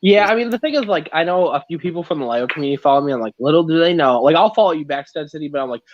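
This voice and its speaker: Young man, slightly high voice, self-mocking rambler, muffled lo-fi call audio. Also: expressive, very fast, a little hiss or hum. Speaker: guest on a live stream. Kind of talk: casual chat.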